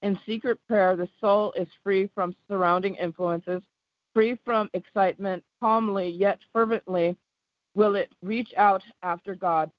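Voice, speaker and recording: A woman caller reads a devotional text aloud at a middling pitch, halting now and then to correct herself. Her voice comes through a muffled, dry phone line. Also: fairly even intonation, no echo. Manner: halting, with small slips and restarts.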